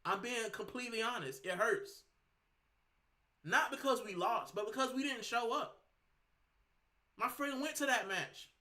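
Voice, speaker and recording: A man's voice: extremely high pitch, a little slow, pauses often, bright, forceful tone. A man hosting a fan channel, fuming and ranting heatedly while sick and straining his voice. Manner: fuming, ranting, repeats himself. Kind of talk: heated fan rant to camera.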